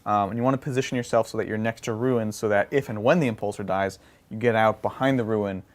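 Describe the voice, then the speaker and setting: A man co-hosting a casual gaming podcast, answering listener questions and breaking into excited, laughing exclamations. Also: fairly low pitch, fast talker. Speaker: podcast co-host.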